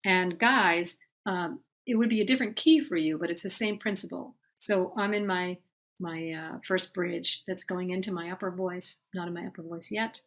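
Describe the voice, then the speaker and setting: A woman's voice: lowish voice, moderate pace, a bit bright. A woman voice teacher giving a singing lesson, explaining patiently and talking directly to her students. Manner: breaks off to sing short demonstrations.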